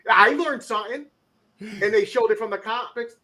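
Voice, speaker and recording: A man's voice: high voice, moderate pace. A man co-hosting a casual movie podcast, emphatic and swearing freely as he gets worked up. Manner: emphatic, swears a lot, gets loud when excited. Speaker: podcast co-host. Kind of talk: casual chat.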